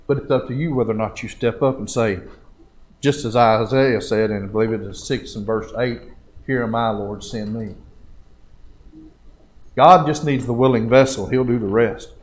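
A man's voice: medium pitch, brisk, poor audio. A man preaching a live church sermon, folksy and exhorting, building with rhetorical questions. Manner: colloquial country phrasing. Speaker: lay preacher. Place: church sanctuary.

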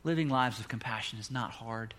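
A middle-aged man preaching a sermon, telling a personal story with animated, rising emphasis and closing in a soft prayer. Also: medium pitch, fairly quick. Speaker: pastor.

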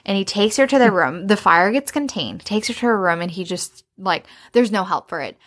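A woman co-hosting a podcast, casually recapping a romance novel with lively retelling and plenty of swearing. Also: mid-range voice, fairly quick. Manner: swears freely, animated retelling. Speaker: podcast co-host. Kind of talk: casual book recap chat.

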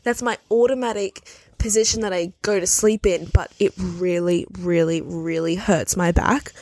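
A woman's voice: fairly low pitch, steady tone, moderate pace, a little mellow, no room sound. A woman co-hosting a podcast in casual chat, rambling along with lots of filler words over a call. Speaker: podcast co-host. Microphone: remote call recording.

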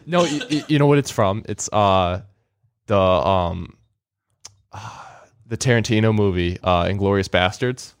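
Low-voiced, halting male co-host. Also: clean tone, no echo. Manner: hesitant, many fillers. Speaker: podcast co-host. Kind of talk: casual chat.

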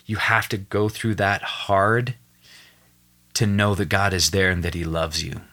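A young adult man, a podcast guest, retelling a personal story with earnest, animated emotion and acted-out quotes. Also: low voice, measured pace.

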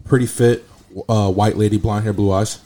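A young man casually telling an animated, slangy story full of profanity. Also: fairly low pitch, normal speed. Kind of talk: casual chat.

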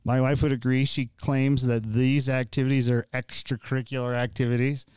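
A man's voice: mid-range voice, level tone, fairly quick, darkish tone, smooth, dry recording. A man hosting a casual podcast chat in an upbeat, joking way. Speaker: podcast host.

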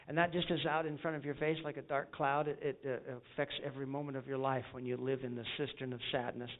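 A man's voice: mid-range voice, fairly even intonation, brisk, few pauses. A man preaching a sermon as an evangelist, telling stories in an earnest way and acting out the voices of the people he quotes. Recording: tinny phone-like sound.

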